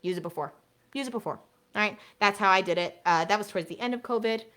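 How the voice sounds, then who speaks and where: A woman teaching an online workshop for elementary music teachers, chatty and energetic, sometimes singing short songs to demonstrate. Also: medium pitch, quick pace.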